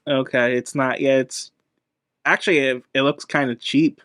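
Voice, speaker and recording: A man's voice: medium pitch, fairly even intonation, moderate pace, a bit bright, dry recording, studio quality. A young man co-hosting a casual movie review podcast, teasing and questioning his partner. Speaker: podcast co-host.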